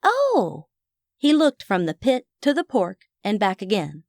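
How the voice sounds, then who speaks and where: A woman's voice: medium pitch, big pitch swings, normal speed, darkish tone, no echo, studio quality. A woman narrating a first-person audiobook in a wry, chatty manner.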